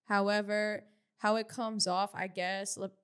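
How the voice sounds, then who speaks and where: A woman co-hosting a casual commentary podcast, talking in an animated, slangy way with many restarts. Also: medium pitch, unhurried, clean tone. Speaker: podcast co-host.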